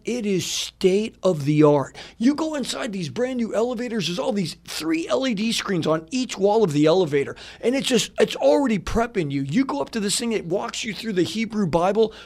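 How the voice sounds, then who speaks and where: Male pastor, radio guest; gravelly, slightly high voice, rambling animated storyteller. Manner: animated, rambling, many fillers, laughs often. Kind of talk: casual storytelling. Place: radio studio.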